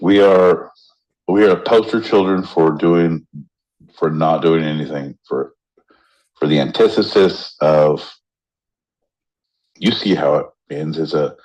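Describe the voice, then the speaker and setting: A man co-hosting a podcast in casual banter, rowdy and joking, often jumping into loud mock voices. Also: a bass voice, slow pace, pauses often, lo-fi sound. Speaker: podcast co-host.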